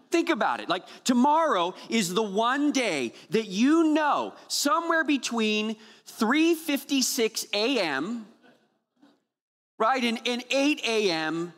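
A man's voice: high voice, a bit bright, in a large hall. A man preaching a Christmas Eve sermon as pastor, praying earnestly and then telling playful, humorous stories to the congregation. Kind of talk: sermon with opening prayer.

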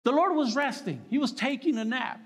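A man preaching to a gathering of men, his voice sitting fairly high. He throws himself into acting out the quotes in his story. The sound carries a long reverb, as in a big hall. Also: fairly quick. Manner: animated, acts out quotes with voice jumps. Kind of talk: sermon.

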